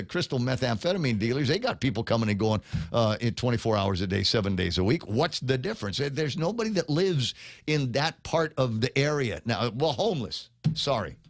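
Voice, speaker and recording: A man's voice: medium pitch, dry recording, studio quality. A man hosting a morning radio talk show, rambling casually with many restarts and reading out listener comments. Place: radio studio.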